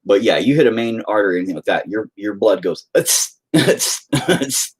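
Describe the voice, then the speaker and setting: A man's voice: lowish voice, fast talker, a little mellow, husky. A man telling a rambling, profane story in a casual chat with his viewers. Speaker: streamer.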